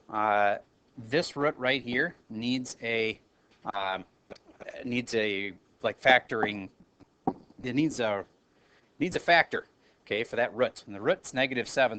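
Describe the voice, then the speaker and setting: A man's voice: lowish voice, fairly bright tone, slight background noise. A man teaching a math review lesson in a classroom, talking casually, correcting himself and calling on students. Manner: casual, self-correcting, calls on students by name.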